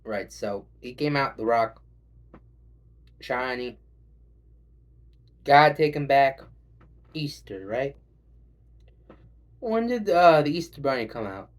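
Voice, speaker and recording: A man's voice: mid-range voice, animated. Rambling, swearing stand-up comedian man. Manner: rambling, swearing, acts out quick voices. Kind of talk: stand-up set.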